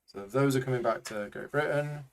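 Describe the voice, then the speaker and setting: A man's voice: medium pitch, a little fast, creaky. A man hosting a casual board game playthrough, talking through each step aloud and counting totals. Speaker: board game host and player. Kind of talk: casual tabletop playthrough chat.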